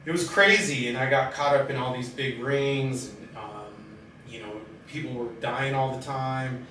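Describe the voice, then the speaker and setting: In a conversational bit of personal storytelling, a middle-aged man recounts his life with candor, stopping often and filling gaps with filler words. His voice is mid-range, picked up by a distant mic in a very echoey room over constant background noise.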